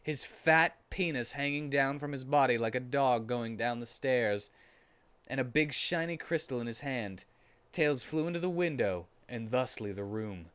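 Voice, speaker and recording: A man who streams, giving a deadpan, comedic dramatic reading of a story in a storybook narrating voice. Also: medium pitch, moderate pace, clear, resonant tone.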